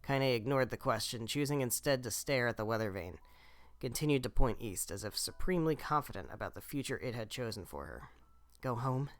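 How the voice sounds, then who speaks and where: A man's voice: mid-range voice, expressive, fairly quick, no echo. Male streamer reading game text aloud. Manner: reactive, swearing asides. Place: home streaming setup.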